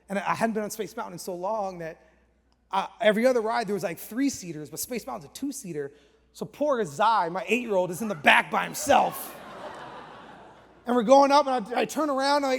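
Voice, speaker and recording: A high-pitched male pastor in his thirties tells a story from the pulpit with lively energy, now and then dropping his voice to a hush. His sermon rings out with a long reverb, as if in a large church hall. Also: a little fast, vocal fry.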